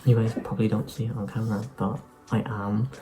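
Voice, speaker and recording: A man's voice: fairly low pitch, level tone, fast, poor audio. A young man from Ireland, rambling loosely through an unscripted vlog talk with sarcastic asides. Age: young adult. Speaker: YouTuber.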